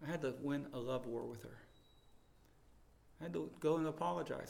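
A man preaching a sermon, telling stories and swinging between loud proclaiming and hushed pleading. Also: fairly high pitch, brisk, gravelly, long pauses. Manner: storytelling with quoted dialogue.

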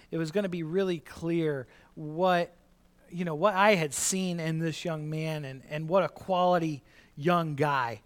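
Animated male preacher, higher voice. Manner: animated, repeats lines for the congregation; conversational, many restarts and asides. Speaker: pastor. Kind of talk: sermon.

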